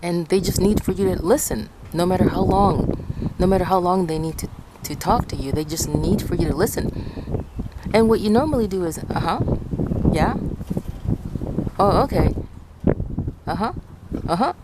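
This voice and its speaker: Over a very noisy recording, a female vlogger from Ecuador chats her way through a personal story at a moderate pace. Her pitch is fairly low, and she wanders and self-corrects as she talks.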